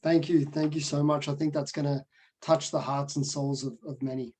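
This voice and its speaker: A man with an Australian accent who hosts a podcast and talks in a rambling way with halting restarts. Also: fairly high pitch, flat delivery, dark tone, breathy edge. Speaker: podcast host. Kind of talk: casual podcast interview.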